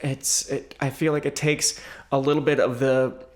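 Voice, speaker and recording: A man's voice: mid-range voice, level tone, moderate pace. Wry, earnest male podcast co-host. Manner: wry, earnest commentary with hesitant restarts. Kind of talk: casual chat.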